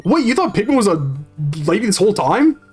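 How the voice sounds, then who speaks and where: A casual game streamer rambles through a live session, swearing freely and answering viewers' chat as they play. The voice sits at a middling pitch, and faint game music hums underneath. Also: big pitch swings, a little fast, darkish tone, husky.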